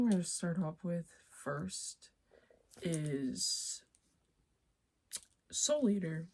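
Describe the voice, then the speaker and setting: A young woman chatting casually in her vlog, playful and rambling, with sudden loud exclamations. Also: on the low side, lively intonation, extremely slow, long pauses, background noise. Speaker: vlogger.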